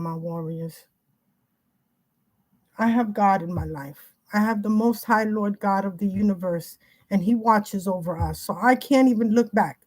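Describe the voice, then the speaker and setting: A woman's voice: mid-range voice, a little mellow. A middle-aged woman livestreaming from home, agitated and rambling, often restarting her sentences. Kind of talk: casual livestream talk.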